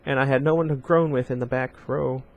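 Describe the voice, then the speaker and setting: A chatty teenage schoolgirl from a storybook, read by a man in his own plain voice. The pitch sits in a steady middle range. The jokes get a light push of emphasis. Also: fairly quick, narrow, tinny audio, lightly acted. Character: chatty teenage girl classmate.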